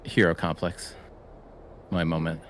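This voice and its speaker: A man playing a tabletop game, describing his character's actions hesitantly, with many pauses. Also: low voice, flat delivery, slight background noise. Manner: hesitant, many fillers and restarts. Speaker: player. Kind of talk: casual tabletop play.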